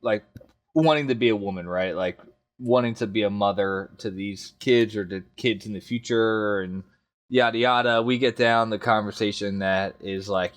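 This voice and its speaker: Laid-back low-voiced podcast guy. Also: moderate pace. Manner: laid-back, slangy, swears casually. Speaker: podcast co-host. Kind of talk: casual podcast discussion.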